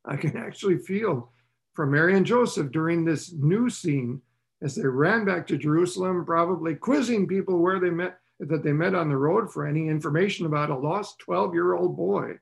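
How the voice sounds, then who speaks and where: A man's voice: moderate pace, creaky. A man preaching a sermon in a conversational way, asking the listeners rhetorical questions. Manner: voices the characters' lines with rising pitch.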